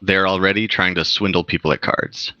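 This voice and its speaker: Man, gravelly, very deep, sharp bright edge, dull audio. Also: steady tone, brisk. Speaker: player. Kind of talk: casual chat.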